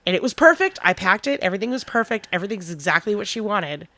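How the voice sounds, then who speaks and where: A woman on a podcast tells a story from her job managing a restaurant. Her pitch swings widely as she acts out each side of a conversation, with the odd curse. The sound is dry and close, with no room echo. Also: fast talker. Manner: animated, swears, acts out both sides of a conversation. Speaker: podcast co-host. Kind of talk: casual storytelling chat.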